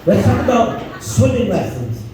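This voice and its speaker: A man's voice: sits high, big pitch swings, unhurried, crowd noise. A male stand-up comedian telling crude stories on stage and acting out the voices in them, heard from far off in an echoey club. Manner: crude, storytelling, acts out voices.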